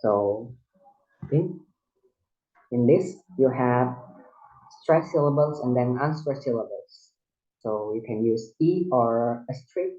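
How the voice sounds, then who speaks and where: A man whose first language is Indonesian gives a recorded lesson, explaining step by step in a halting way with frequent restarts. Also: mid-range voice, lively intonation, dark tone. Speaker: student teacher. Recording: dull lo-fi recording.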